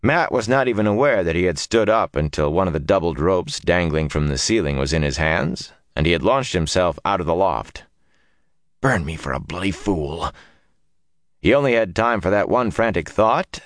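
A man with a very low voice reads a fantasy novel aloud, his tone rising and falling dramatically. The recording is close and dry, with no room sound. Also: normal speed, dry recording. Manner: expressive, dramatic storytelling. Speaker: narrator. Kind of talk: audiobook narration.

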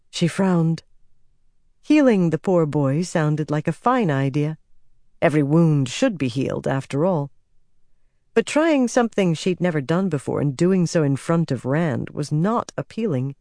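A woman reads fantasy audiobook narration at a measured, steady pace. Her tone is dark and mellow. The recording is dry and close. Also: low voice, no room sound.

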